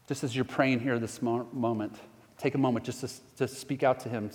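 A middle-aged man preaches in a relaxed, conversational way, telling stories before dropping into quiet prayer. His voice sits at an ordinary male pitch. The sound carries a long reverb from a church sanctuary. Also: normal speed. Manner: storytelling, conversational, drops to soft prayer. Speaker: pastor. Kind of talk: sermon.

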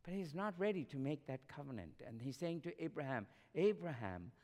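A man's voice: on the high side, animated, fairly quick, darkish tone, long reverb tail. A man preaching a sermon, with a repetitive, rising and falling cadence that drops at times to near whispers. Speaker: pastor.

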